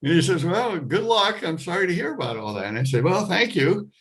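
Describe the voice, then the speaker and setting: A man telling a personal story to an audience, getting animated and rising high with excitement. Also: fast talker. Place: performing arts center stage.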